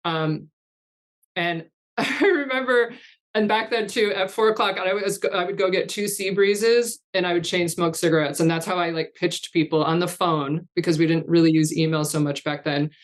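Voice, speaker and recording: A woman's voice: fairly low pitch, moderate pace. A woman in her fifties, a guest in an interview, telling long rambling anecdotes in casual chat and laughing often. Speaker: guest, artist coach.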